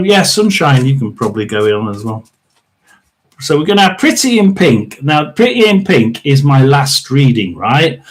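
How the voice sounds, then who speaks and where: Chatty man reading tarot live. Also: a little high. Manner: rambling, chatty, many fillers and throat clearing. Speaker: tarot reader and livestream host. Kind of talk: casual livestream tarot reading.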